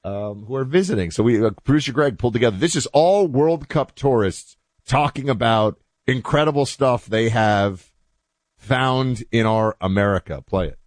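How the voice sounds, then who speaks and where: A man hosting a talk show, chatting in a loose, animated monologue with asides that trail off quietly. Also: mid-range voice, moderate pace, no echo. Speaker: host.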